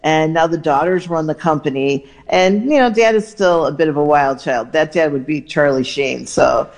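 Chatty male entertainment reporter. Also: fairly high pitch. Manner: brisk, chatty and enthusiastic. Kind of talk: radio entertainment news chat.

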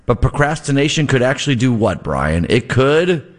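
A man's voice: medium pitch, sing-song, moderate pace. A man in his forties hosting a call-in radio show, playfully reading ad copy and bantering. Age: 40s. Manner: jokey, playful, reads ad copy loosely. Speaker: radio host. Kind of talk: live radio call-in talk. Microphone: studio microphone.

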